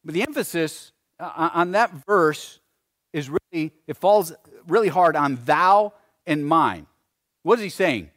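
A man preaching a sermon, swinging between loud emphasis and hushed phrases, often repeating words as he presses a point. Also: fairly high pitch, expressive, normal speed. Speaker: pastor.

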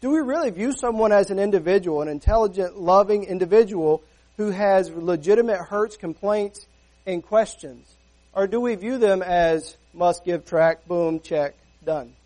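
High-voiced earnest preaching pastor. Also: male voice, a little mellow, rough recording. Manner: earnest, conversational preaching with rhetorical questions; acts out everyday dialogue in quick asides. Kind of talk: sermon.

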